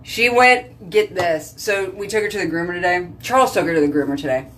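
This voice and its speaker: A woman's voice: fairly low pitch, brisk, a bit bright, a little hiss or hum. A woman, chatting casually in a vlog, sassy and joking as she rambles. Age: 30s. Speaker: vlogger.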